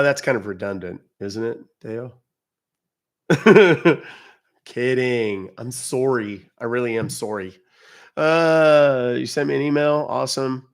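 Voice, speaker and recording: A chatty American man talks casually on a livestream, answering his viewers' comments one after another. He speaks bluntly and plainly, with a mid-range voice. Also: medium pitch. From United States. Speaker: livestream host.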